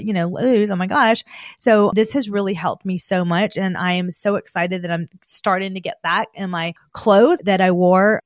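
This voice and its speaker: A chatty woman with a Southern American accent talks casually, bursting into excited exclamations. Her voice sits at an ordinary middle pitch. It is recorded close and dry, with no room sound. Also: no room sound. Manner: chatty, gushing, animated exclamations. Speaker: esthetician podcast host. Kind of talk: casual chat.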